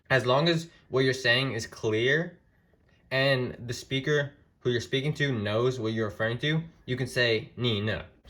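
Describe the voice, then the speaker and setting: A man teaching a language lesson in a casual way, explaining step by step and saying example phrases slowly. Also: medium pitch, a bit bright. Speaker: language tutor. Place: room with a whiteboard.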